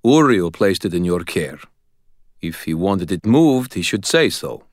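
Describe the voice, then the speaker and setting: A man voicing a calm, measured male swordsman and ally. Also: deep voice, no echo, studio quality. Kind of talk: audiobook character voice.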